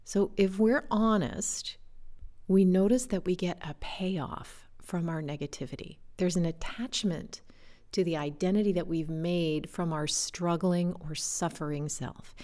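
A woman life coach telling a personal story in a gentle, introspective way, with soft laughs and whispered asides. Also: lowish voice, fairly even intonation, a little slow. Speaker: life coach and podcast host. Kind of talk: reflective storytelling monologue.

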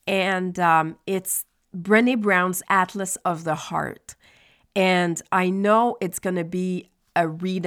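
A woman talking candidly to her listeners about her own feelings, in a reflective monologue with pauses and fillers. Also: mid-range voice. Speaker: podcast host speaking to adults with ADHD.

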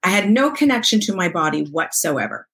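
A woman in her sixties, an interview guest telling a personal story in an expressive, conversational way, acting out dialogue and laughing often. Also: fairly low pitch, brisk, slightly rough. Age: 60s.

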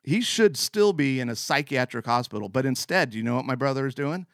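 A man hosting a show, telling a funny personal story in an animated way, often laughing as he talks. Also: mid-range voice, a little fast, no room sound, studio quality. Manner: animated, laughs mid-sentence. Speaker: show host. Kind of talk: comic storytelling monologue.

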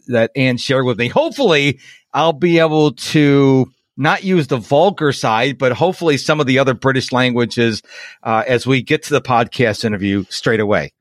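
A man's voice: medium pitch, no echo, clean studio sound. An American man hosting a podcast, chatting casually and eagerly, often repeating himself. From Rochester, New York. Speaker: podcast host. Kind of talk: casual interview chat.

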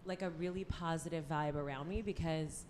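Low-voiced confident woman guest. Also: steady tone, moderate pace, a crowd in the background. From Canada. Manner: confident and laid-back. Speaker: podcast guest. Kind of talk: podcast interview.

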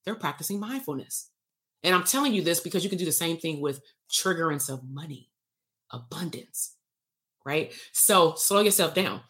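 Animated woman coaching, lower voice. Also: normal speed. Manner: animated storytelling, acts out quoted reactions. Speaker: therapist and business coach. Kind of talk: casual teaching talk to a live online group.

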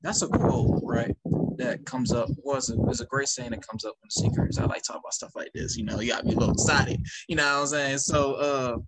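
A man's voice: medium pitch, steady tone, fairly quick, heavy background noise. A man hosting a podcast, asking questions in a casual, enthused way with chuckling asides. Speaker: podcast host. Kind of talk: casual interview talk.

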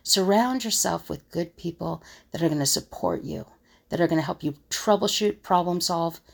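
Low gravelly woman, kinda husky, coach type thinking out loud. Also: moderate pace. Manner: musing, acts out others' scoffing remarks. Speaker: conflict resolution coach. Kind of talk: reflective solo monologue.

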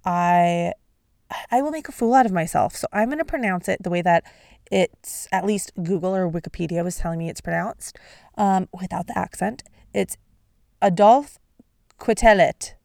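A woman talks through her solo podcast with casual, expressive energy, quick to swear and to laugh at her own slips. Her voice carries a gravelly fry. The recording is dry and close, with no room sound. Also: lowish voice, no room sound. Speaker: podcast host.

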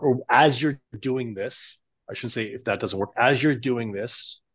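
A man on a podcast, guiding his hosts through a self-talk exercise in an animated, instructive way. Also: medium pitch, husky. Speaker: coach guest on podcast. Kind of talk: conversational coaching demonstration.

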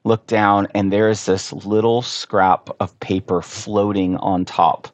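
Man with a low, dry voice telling a story. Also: slow, no echo. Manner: earnest, animated anecdote-telling. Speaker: podcast guest. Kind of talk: casual storytelling in conversation.

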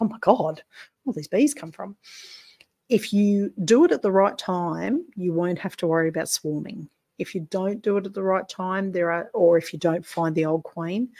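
A woman's voice: on the low side, vocal fry, darkish tone, slightly rough, no echo. A woman beekeeper hosting a casual instructional talk, chatty and blunt, with frank asides. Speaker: beekeeper host.

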